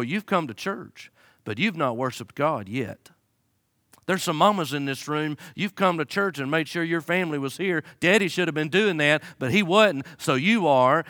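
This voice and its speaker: Fervent, folksy preaching pastor. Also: male voice, dry recording, clean studio sound. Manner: preaching with swings from loud high-pitched fervor to low quiet pleading; folksy humor, acts out his listeners' excuses. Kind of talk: sermon.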